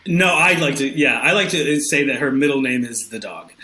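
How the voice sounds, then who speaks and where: Lively bright-voiced man in an echoey room. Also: mid-range voice, moderate pace. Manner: animated storytelling, laughs often, acts out quotes. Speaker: podcast guest. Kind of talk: casual chat. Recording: roomy echo.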